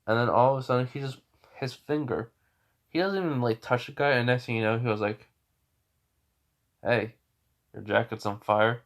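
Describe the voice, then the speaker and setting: A man's voice: medium pitch, fast talker. A young man casually retelling a fan story, rambling with many fillers and restarts.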